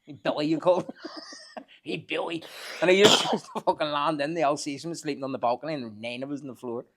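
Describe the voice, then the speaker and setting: A man's voice: a little high, fairly even intonation, fairly quick, a bit bright. A man in his forties, a podcast guest, telling rambling, profane anecdotes and laughing as he goes. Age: 40s. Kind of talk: casual storytelling.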